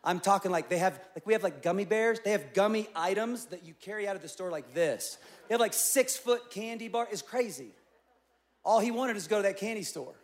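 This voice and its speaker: A middle-aged man preaching from a church stage, his voice sitting a bit high for a man. He tells a story, playing out the quotes, and moves between quiet, low moments and loud, excited ones. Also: fairly quick. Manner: storytelling, animated with acted-out quotes. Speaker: pastor. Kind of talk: sermon. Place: large church auditorium.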